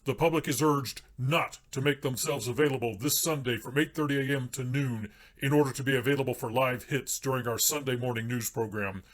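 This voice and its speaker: A man's voice: mid-range voice, steady tone, fairly quick, lightly acted. A man voicing a pompous male TV news anchor with a stiff, formal newsreader delivery.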